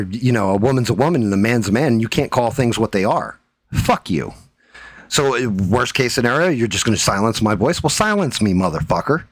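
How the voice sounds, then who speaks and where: A man's voice: mid-range voice, dry recording. A man hosting his own livestream, ranting in a profane, defiant and heated way. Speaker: livestream host.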